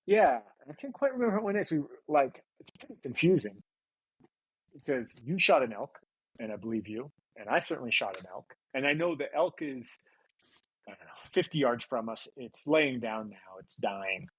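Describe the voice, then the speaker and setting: Husky man, dull lo-fi sound. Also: mid-range voice, animated, normal speed, no echo. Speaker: podcast guest. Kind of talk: casual conversation.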